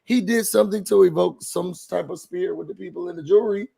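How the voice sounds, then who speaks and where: A podcast host with a high, husky, creaky voice talks fast during a casual chat. He's animated and acts out the things other people said.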